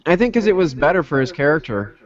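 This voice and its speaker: A man's voice: fairly high pitch, sing-song, quick pace, muffled recording. A man co-hosting a casual podcast chat, laid-back and hesitant, with many fillers. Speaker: podcast co-host.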